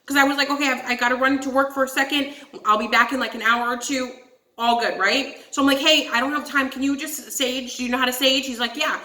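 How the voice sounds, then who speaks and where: Young woman, casual storytime vlog, high bright voice, echoey room. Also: fast talker. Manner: animated, swears, addresses viewers as guys. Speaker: channel host telling a story.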